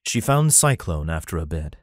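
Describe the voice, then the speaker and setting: A man narrating a fantasy romance audiobook in an even, plain storytelling manner. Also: rumbling low, moderate pace, dry recording, studio quality. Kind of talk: scripted narration.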